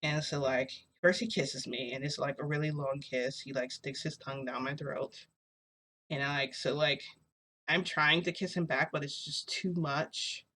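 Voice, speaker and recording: A woman's voice: deep voice, steady tone, normal speed, fairly bright tone. A young adult woman telling a story as a casual vlogger. She rambles, hesitates and fills her speech with "like". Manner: rambling, filler-heavy, hesitant.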